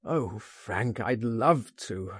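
A trapped, anguished man pleads and refuses, his voice pitched higher with dread, as a male narrator puts him on. The tone is husky and mellow, the pace slow. It is a dry, close audiobook recording. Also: wildly swooping pitch, no room sound, exaggerated voice. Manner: pleading, despairing.

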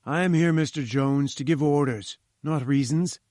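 A domineering old scientist, as a narrator puts him on, barking orders in a curt, forceful manner. The voice sits fairly high and sounds close and dry. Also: male voice, moderate pace, no echo, close to an everyday voice. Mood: imperious. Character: domineering, irascible older male scientist.

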